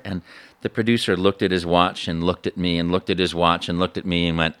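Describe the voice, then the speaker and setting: A man, a voice actor, telling a story in an interview in an animated way, with frequent stammers and restarts. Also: sits low, normal speed, clean tone.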